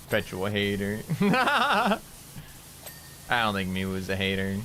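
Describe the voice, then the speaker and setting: A man's voice: huge pitch swings, slow, pushed and bright, a little hiss or hum. A man from Canada chatting casually while streaming a game, rambling, swearing now and then, and cooing at his cats. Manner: coos at cats in a high voice. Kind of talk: casual gaming livestream chat.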